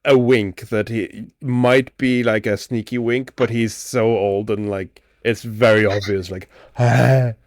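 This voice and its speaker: A man running a tabletop role-playing game as game master, narrating in a halting way with many restarts and laughs. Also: mid-range voice, fairly even intonation, no echo, studio quality.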